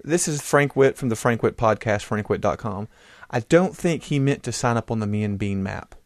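A man's voice: lowish voice, expressive, normal speed, dry recording, studio quality. A man co-hosting a casual podcast, easygoing and joking as he reads out listener messages. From United States. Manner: easygoing, joking, stumbles over place names. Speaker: podcast co-host.

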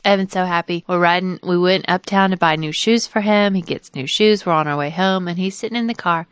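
A woman co-hosting a casual podcast, telling family stories in a lively way and jumping up high to mimic her small son. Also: brisk, hardly any pauses, clean tone, no echo. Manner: animated storytelling, acts out child's voice in high pitch. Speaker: podcast co-host, mother. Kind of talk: casual chat.

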